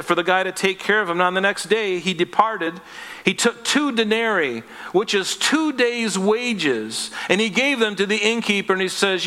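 Sharp in tone and high in pitch, a man delivers a sermon as pastor, with the long reverb of a hall on the recording. He stays earnest and conversational, voicing little characters as the story unfolds.

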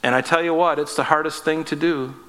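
Bright-voiced pastor in an echoey hall. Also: male voice, on the high side, fairly even intonation, brisk. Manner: conversational, acts out short dialogues, self-deprecating humor. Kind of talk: sermon. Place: church sanctuary.

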